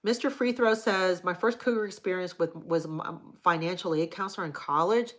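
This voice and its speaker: Middle-aged woman, livestream host, low-ish voice, blunt, casual and profane. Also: a little fast, few pauses. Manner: frank and profane, chatty. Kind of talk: casual live chat reading viewer comments.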